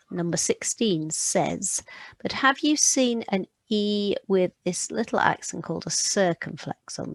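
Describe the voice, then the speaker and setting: A woman's voice: mid-range voice, creaky, no room sound. A woman patiently teaching French phonics to children, modelling each sound aloud. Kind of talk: recorded phonics lesson for children.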